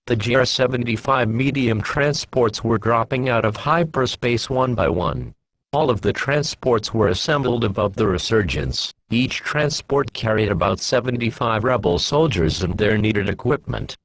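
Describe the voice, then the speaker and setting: Man narrating fan story, steady plain reading, mid pitch. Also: moderate pace, creaky, poor audio.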